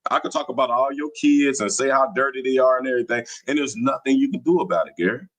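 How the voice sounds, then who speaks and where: A man's voice: mid-range voice, fast talker, poor audio. A man hosting a livestream, talking in a combative, taunting, slangy way. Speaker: livestream host. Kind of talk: casual livestream talk. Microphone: streaming mic.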